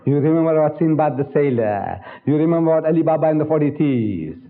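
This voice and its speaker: An older man delivers a public religious lecture, emphatic and rhetorical, firing questions straight at his audience. His voice sits fairly high for a man. The recording is thin and tinny, like an old archival tape. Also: expressive, fast. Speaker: Islamic lecturer. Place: lecture hall.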